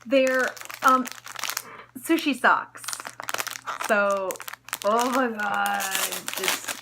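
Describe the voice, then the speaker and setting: A woman's voice: on the high side, extremely slow, vocal fry, background noise. A young woman vlogger doing an unboxing video, gushing and squealing over cute items. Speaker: cosplay vlogger.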